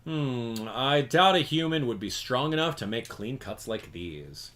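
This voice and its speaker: A man's voice: medium pitch, lively intonation, measured pace, fairly bright tone. A man giving chatty, family-friendly gameplay commentary, reading the game's text aloud and reacting as he plays. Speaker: video game commentator.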